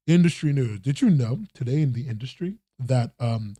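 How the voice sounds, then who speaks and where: A man's voice: mid-range voice, expressive, normal speed, hardly any pauses, mellow, dry recording, studio quality. A man hosting a casual livestreamed news roundup podcast, rambling and restarting, swearing casually. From not American. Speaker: podcast host.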